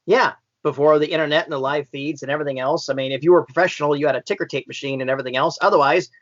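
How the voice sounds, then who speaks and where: A man in his fifties rambles through a casual podcast chat. He circles back, restarts and fills gaps with um and uh. His voice sits slightly high and is recorded close and dry with a dull, muffled sound. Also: fairly even intonation, rapid-fire, a bit bright, dry recording. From born in Tennessee, raised in Indiana and Florida. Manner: rambling, many restarts and filler words. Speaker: podcast guest.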